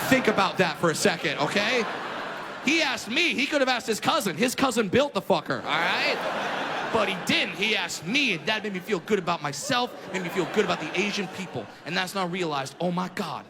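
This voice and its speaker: Man, stand-up comedian, high-pitched, brash, profane, shouted rants, noisy live club.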